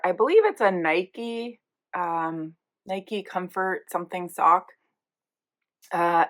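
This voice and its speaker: Hoarse, low-voiced woman podcaster. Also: fairly bright tone. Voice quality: gravelly. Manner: chatty, rambling, many ums. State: recovering from illness, hoarse. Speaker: podcast host. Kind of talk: casual knitting podcast chat.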